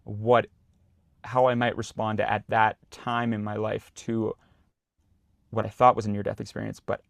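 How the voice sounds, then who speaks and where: A young adult man, a podcast guest telling a story in a loose, animated way. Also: fairly low pitch, moderate pace, gravelly, no room sound, studio quality. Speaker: guest, actor and singer. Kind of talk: casual storytelling in a podcast interview.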